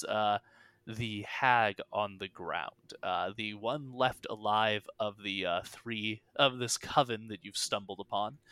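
A game master talks through a tabletop session, narrating loosely and rambling with plenty of fillers. The tone is bright and forward. The sound is dry and close, with no room echo. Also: medium pitch, smooth.

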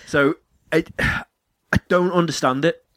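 A man's voice: fairly high pitch, steady tone, takes it slowly, fairly bright tone, no room sound. A man chatting casually, rambling through stories and acting out voices, swearing freely. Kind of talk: casual chat.

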